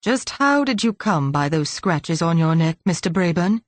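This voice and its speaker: A woman's voice: mid-range voice, animated, normal speed, no echo, lightly acted. A woman voicing a stern, probing male police inspector in an audiobook.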